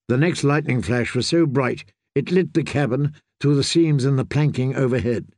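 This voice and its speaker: A man reading a novel aloud as a steady, measured audiobook narrator. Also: medium pitch, no echo, clean studio sound. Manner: slow, steady storytelling. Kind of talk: scripted narration.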